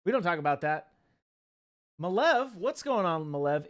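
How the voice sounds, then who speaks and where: A playful man co-hosting a casual livestream and reading chat messages aloud. His voice swoops up and down in lively bursts. He keeps throwing in goofy asides. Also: high voice, normal speed, pauses often. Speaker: co-host reading viewer chat.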